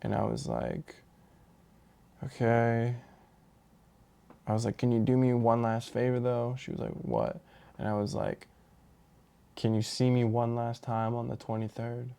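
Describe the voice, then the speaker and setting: A man telling a personal story in a rambling, halting way, with many restarts and fillers. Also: mid-range voice, flat delivery, creaky, mellow, clear, resonant tone. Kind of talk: casual storytelling monologue.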